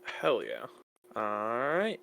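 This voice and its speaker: A man's voice: mid-range voice, wildly swooping pitch, very slow, vocal fry, fairly bright tone. Brash, swearing male podcast host. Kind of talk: casual group chat.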